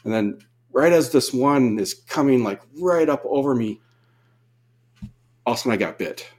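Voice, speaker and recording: A man's voice: medium pitch, animated, moderate pace. A man from California telling a diving story in casual chat, rambling with many fillers and laughing often. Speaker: guest diver.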